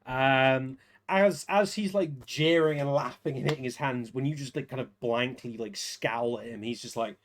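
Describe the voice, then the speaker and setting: A man in a mid-range voice narrates as a game master at normal speed. He rambles, chuckles often, and keeps stumbling into restarts.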